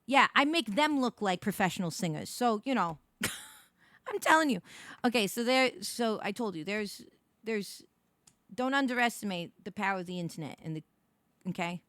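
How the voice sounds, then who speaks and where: Animated young woman streamer. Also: medium pitch, dry recording, clean studio sound. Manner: rambling, swearing, quick self-corrections. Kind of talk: casual live-stream chat.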